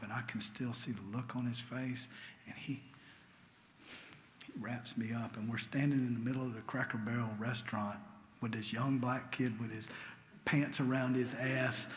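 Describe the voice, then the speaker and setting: In a church hall, a man tells an AA meeting an emotional recovery story, earnest throughout and dropping to a near whisper at tender moments. His voice is lowish with a fairly bright tone, and the recording has a long hall reverb with faint ambient noise.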